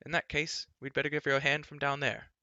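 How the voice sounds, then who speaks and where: A man's voice: a little high, level tone, fast talker, pushed and bright, no echo, muffled recording, voice pushed up. A man voicing a wry, talkative male bard in a storybook reading.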